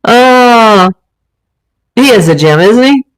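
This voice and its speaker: A woman's voice: on the high side, animated, slow, rough recording. A woman hosting a casual livestream from a room at home, talking in a rambling, chatty way with many fillers. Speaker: livestream host. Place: home room with a green screen and ring light.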